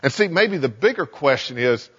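A man's voice: a little high, animated, moderate pace, a bit bright, breathy edge. A male pastor giving a sermon in a church sanctuary, talking conversationally and often repeating words as he starts sentences. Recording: echoey hall, dull sound.

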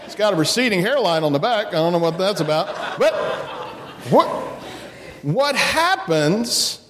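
A man's voice: high voice, big pitch swings, unhurried, fairly bright tone, big-room sound. A man giving a children's message in church, asking children playful questions and leading a prayer. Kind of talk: children's sermon. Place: church sanctuary.

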